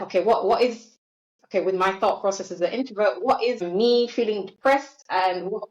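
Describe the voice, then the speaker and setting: A woman with a mid-pitched voice talks thoughtfully, pausing with fillers as she works out her point. Her voice rings in an echoey room and sounds muffled, as if the top end is missing. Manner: thoughtful, hesitant, with many fillers. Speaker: podcast host. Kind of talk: casual chat.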